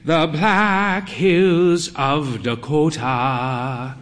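A man's voice: a little high, expressive, slow pace, fairly bright tone, soft background music. A man voicing a thin, fey man in late middle age who banters in an arch, theatrical way.

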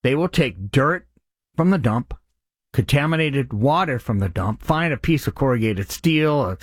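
A man's voice: mid-range voice, lively intonation, moderate pace, slightly rough, no echo, clean studio sound. A man hosting a radio charity appeal, speaking in an earnest, impassioned way. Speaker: radio host.

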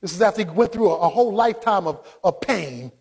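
Male preacher, very high husky voice, impassioned, climbs into shouts. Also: animated, fast talker. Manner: impassioned, often rising to shouting. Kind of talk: sermon.

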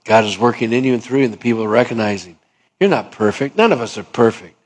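A man's voice: medium pitch, quick pace. A male pastor preaching a sermon in a conversational way, acting out both sides of little dialogues.

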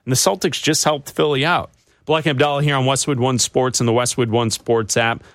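A man's voice: medium pitch, steady tone, brisk, a bit bright, dry recording, studio quality. A man hosting a sports talk radio show, debating with his co-host and taking callers. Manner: conversational, takes callers.

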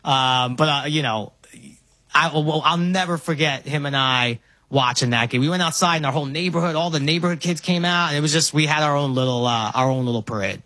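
A man's voice: a little high, fairly quick, no room sound. A man in his forties from Brooklyn with a New York accent, chatting about sports and telling stories with lots of restarts. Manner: animated storyteller, many restarts. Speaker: guest. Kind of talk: casual sports talk.

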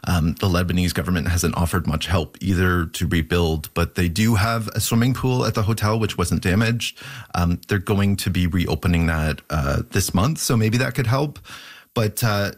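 A male reporter debriefing a news anchor on air, measured, with frequent ums. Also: low voice.

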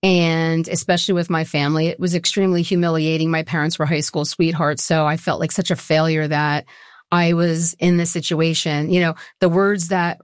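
A woman's voice: low-pitched, level tone, moderate pace, clean tone, no echo, studio quality. A middle-aged woman, a guest on a talk show, telling her own story in an earnest, personal and sometimes emotional way. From Southwest Florida. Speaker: guest, nonprofit co-founder. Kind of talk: casual interview conversation.

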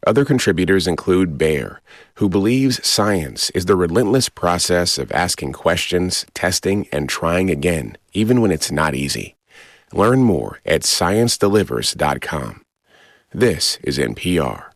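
A man announcer reading a sponsor message in a smooth, scripted way. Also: low voice, sing-song, a little slow, dry recording, studio quality.

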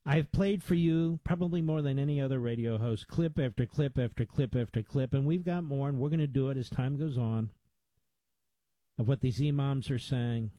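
A man's voice: medium pitch, normal speed, warm tone, no echo, poor audio. A male radio host delivering emphatic, indignant talk radio commentary with lots of repetition.

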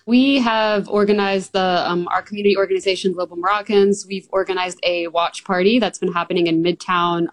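A hoarse young woman, a community organizer, chatting upbeat in a radio interview. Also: mid-range voice, fairly even intonation, fairly quick, hardly any pauses, dry recording, poor audio. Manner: upbeat, chatty, laughs easily.

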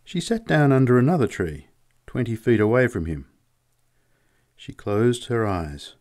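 A man narrating a story as an audiobook, in a measured, unhurried way. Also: medium pitch, very animated, a little mellow. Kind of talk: audiobook reading.

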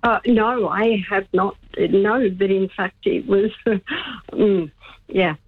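A woman calling in to a radio show, telling an embarrassing story in a giggly, animated way. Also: mid-range voice, takes it slowly. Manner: giggly, animated anecdote-teller. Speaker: caller. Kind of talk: casual call-in chat. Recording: tinny phone line.

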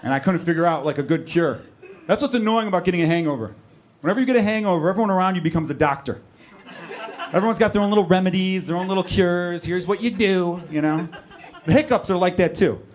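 Guy doing stand-up, talks fast, makes fun of himself. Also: high voice. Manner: self-deprecating, storytelling. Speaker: stand-up comedian. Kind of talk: stand-up comedy.

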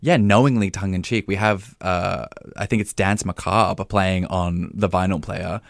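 Male podcast co-host, very low voice, dry close mic, lively critic banter. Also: vocal fry, dry recording. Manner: animated, quick, laughs often, many fillers. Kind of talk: casual review chat.

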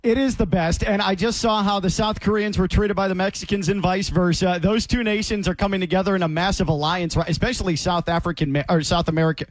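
High-voiced, playful sports co-host. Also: male voice, steady tone, fast, few pauses, no room sound. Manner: playful, laughs easily, teasing. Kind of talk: casual sports chat.

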